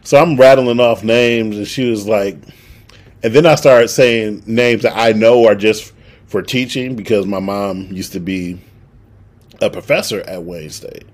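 Young male podcast co-host, low husky voice, casual profane storyteller who acts out the dialogue. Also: measured pace, a little mellow.

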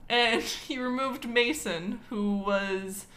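A woman's voice: fairly high pitch, slow, fairly bright tone. A woman from Wisconsin hosting a casual history podcast, chatty and playfully indignant, with lots of fillers. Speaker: podcast host.

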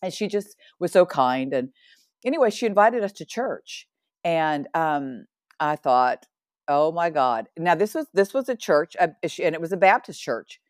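Low-voiced woman in her sixties telling her story. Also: moderate pace, no room sound, studio quality. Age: 60s. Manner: animated and earnest, with laughs and asides. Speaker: podcast guest. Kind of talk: personal faith testimony.

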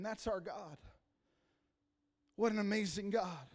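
A man preaching a passionate sermon as pastor, rising to loud emphasis and dropping to quiet asides. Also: high-pitched, unhurried, pauses often. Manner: impassioned preaching, rising and falling in volume. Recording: reverberant hall.

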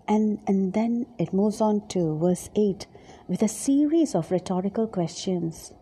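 A woman giving a devotional Bible reflection, speaking gently and haltingly, repeating her words and dropping now and then to a soft whisper. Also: medium pitch, lively intonation, slightly rough. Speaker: Bible teacher.

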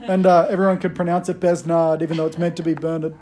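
A man's voice: a little high, level tone, quick pace, dark tone. Man preaching a casual, joking sermon. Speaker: pastor.

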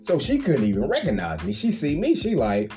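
A man, casually telling a story on a podcast. His voice is warm and mellow, and he keeps slipping into high, playful impressions of other people. Faint music plays underneath. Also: brisk. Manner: animated storyteller, acts out quoted voices with big pitch jumps, laughs often, slangy.

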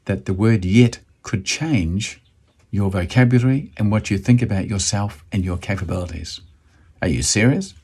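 A man's voice: on the low side, warm tone, breathy edge. A man from New Zealand with a New Zealand accent, hosting a motivational video and talking enthusiastically to camera, at times bantering with himself.

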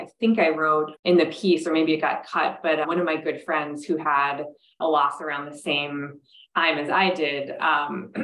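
Woman, low voice, thirties, candid and reflective, halting, echoey room. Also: fairly bright tone, a little hiss or hum. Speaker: podcast guest. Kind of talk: candid conversation.

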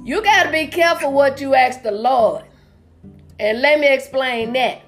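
Woman, high voice, folksy stand-up storyteller, video call. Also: moderate pace, faint music behind. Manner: folksy storyteller, acts out characters' lines. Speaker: stand-up comedian. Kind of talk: stand-up joke telling. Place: home, virtual comedy show.

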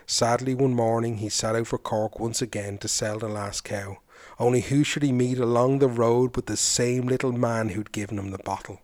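A man's voice: medium pitch, steady tone, moderate pace, darkish tone. A man hosting a podcast, narrating a folk tale and then chatting reflectively about it. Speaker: folklore podcast host. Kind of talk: storytelling narration.

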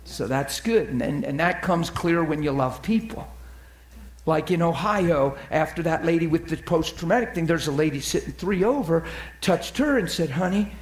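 A man telling ministry stories in a sermon, acting out the people he quotes and dropping to a soft near-whisper at tender moments. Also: on the high side, lively intonation, moderate pace, echoey room. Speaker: preacher. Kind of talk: storytelling sermon.

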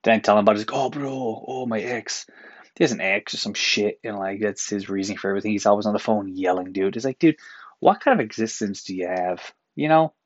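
A Newfoundland man hosts a solo podcast from his apartment room, ranting in an exasperated, profane way. He talks fast in a low voice, and the recording is muffled with no echo.

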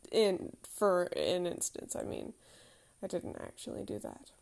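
A woman's voice: fairly low pitch, huge pitch swings, measured pace, darkish tone. A woman in her thirties telling a candid, reflective personal story with self-deprecating humour.

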